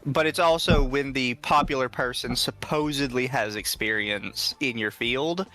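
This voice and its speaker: Give me a man in a casual chat, explaining and correcting points in a bright voice. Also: mid-range voice, unhurried, faint music behind.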